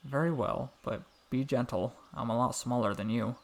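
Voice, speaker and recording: A soft, cheerful talking frog with a gentle heart, as a man narrator puts him on, unhurried and teasing in a warm way. The voice sits at a middling pitch for a man, kind rather than deep, like a friendly storybook creature. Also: vocal fry, lightly acted.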